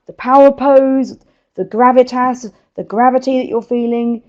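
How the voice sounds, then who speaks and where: Energetic woman speaker, dull call audio. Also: fairly high pitch, moderate pace. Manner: energetic, laughing often. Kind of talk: live webinar talk.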